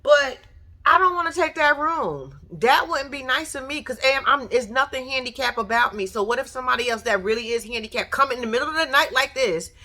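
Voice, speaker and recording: This reaction vlogger has a high, expressive voice that runs a little fast, bright and forceful. She fires blunt, sassy, foul-mouthed commentary straight at the TV figure in a laid-back vlog.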